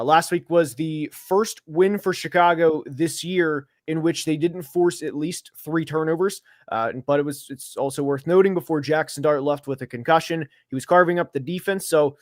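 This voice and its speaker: A man hosting a casual football preview stream, talking fast with lots of fillers and getting worked up as he argues his points, seated at a close mic. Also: a little high, dry recording. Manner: animated, gets worked up, filler-heavy. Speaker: host of a football preview show. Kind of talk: casual sports chat. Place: home studio, seated.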